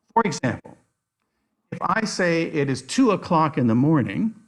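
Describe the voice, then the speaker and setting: A man presenting an online workshop on nature activities, enthusiastic and given to animated storytelling. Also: medium pitch. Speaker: outdoor educator, workshop presenter.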